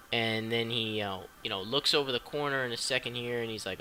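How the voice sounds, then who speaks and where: A young man reviews a film for his vlog, excitedly chatting through the plot and swearing freely along the way. His medium-pitched voice moves fairly quickly with hardly any pauses, and there is slight background noise.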